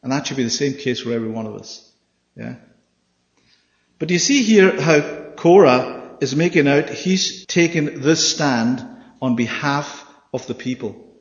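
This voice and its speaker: A man preaching a Bible study sermon, animated and often checking with his listeners through questions. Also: medium pitch, a little slow. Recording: echoey hall, dull sound.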